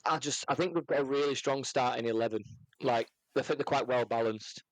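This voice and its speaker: A young man co-hosting a casual football chat, relaxed and contrary in a matter-of-fact way. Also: mid-range voice, fairly quick, dry recording, rough recording. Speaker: podcast co-host. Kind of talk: casual banter.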